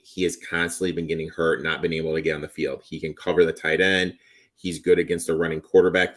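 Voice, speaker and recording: A man's voice: low voice, fairly bright tone. A man co-hosting a sports betting show, confidently breaking down football teams and wagers in casual chat. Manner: confident, rattles off player names.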